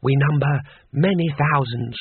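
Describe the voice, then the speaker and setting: A man's voice: medium pitch, breathy edge, no room sound. Man voicing a defiant young rebel woman. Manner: slow, defiant. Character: earnest young female rebel, proud and wary. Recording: tinny phone-like dry sound.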